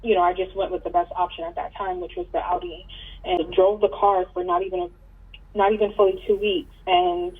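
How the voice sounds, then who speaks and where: A woman's voice: on the low side, flat delivery, a little fast, husky. A woman calling in for advice, telling her story casually with fillers and restarts. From New York. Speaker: caller seeking advice. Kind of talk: casual phone conversation. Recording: tinny phone line, distant.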